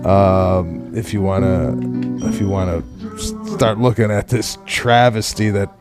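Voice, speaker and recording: A man co-hosting a comedy podcast in casual chat, with an expressive, exclamatory delivery. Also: deep voice, a little slow, loud music behind the voice. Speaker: podcast co-host.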